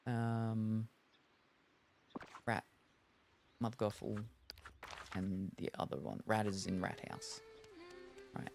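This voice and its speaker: A woman's voice: extremely low pitch, fairly even intonation, takes it slowly, vocal fry, pauses often, darkish tone, faint music behind. A woman streaming a cozy video game, chatting in a wry, rambling way as she plays. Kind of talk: casual gameplay chat.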